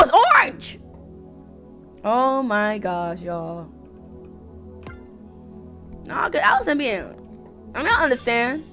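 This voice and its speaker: A woman's voice: mid-range voice, sharp tone. A young woman streaming a story game, chatting and reacting aloud in a rambling way. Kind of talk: casual game commentary.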